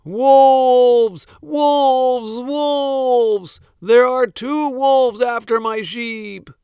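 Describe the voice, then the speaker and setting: A man voicing a bored, mischievous young shepherd boy in a storybook reading, with drawn-out complaining and loud shouts. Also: mid-range voice, clear, resonant tone, dry recording. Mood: yelling alarm. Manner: drawn-out complaining, shouting when crying wolf. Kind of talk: storybook read-aloud.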